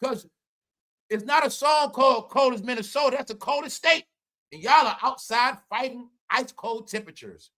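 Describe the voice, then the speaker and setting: High bright-voiced man ranting and mocking. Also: lively intonation, moderate pace. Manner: loud, profane, mocking, laughing often. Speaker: podcast host. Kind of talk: casual livestream commentary.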